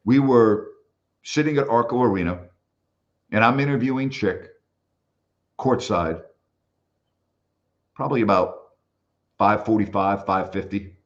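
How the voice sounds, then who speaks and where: Unhurried and pausing often, an older man who used to broadcast basketball tells stories in a casual interview, acting out quoted voices with animation. His voice is on the low side, and the sound is lo-fi.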